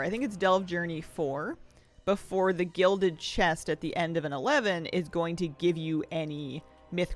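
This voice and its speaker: A game streamer talking casually from a home office, chatty and rambling and quick to laugh. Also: mid-range voice. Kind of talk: casual chat while streaming a video game.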